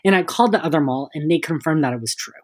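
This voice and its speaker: A young man co-hosting a podcast, telling a story in a casual, animated way, cursing freely and acting out the people in it. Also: fairly high pitch, racing. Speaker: podcast co-host.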